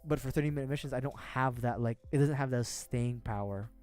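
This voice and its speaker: With faint background music playing, a man chats on a casual, rambling stream as he assembles a model kit. Speaking a little fast in a medium-pitched, slightly mellow voice, he mutters to himself while working and curses frequently.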